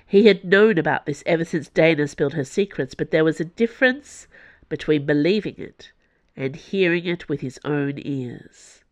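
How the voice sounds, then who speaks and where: A narrator reading an audiobook in an even, close storytelling voice, with quiet, lowered asides. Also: moderate pace, dry recording.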